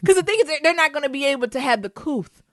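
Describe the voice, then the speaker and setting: A young adult woman co-hosting a podcast in casual chat, animated and slangy, often laughing. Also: high voice, fast, no echo, clean studio sound. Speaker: podcast co-host.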